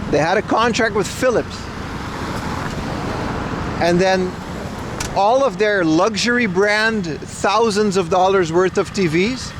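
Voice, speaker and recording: Out on city streets, an IRL livestreamer walks and talks in a high voice, with background noise around him. He rambles casually and offers opinions while responding to his chat.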